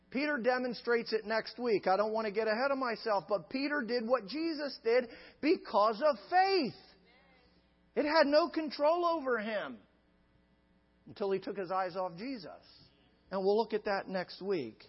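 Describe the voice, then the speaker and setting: A man's voice: extremely high pitch, normal speed. A male pastor preaching a sermon with an emphatic, repetitive cadence. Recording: dull lo-fi sound with long reverb.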